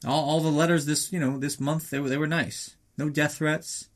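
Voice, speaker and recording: A man's voice: level tone, normal speed. Young guy rambling thru a crude movie recap on his podcast, kinda offhand and jokey. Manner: rambling and crude, acts out characters in high voices. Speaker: podcast host.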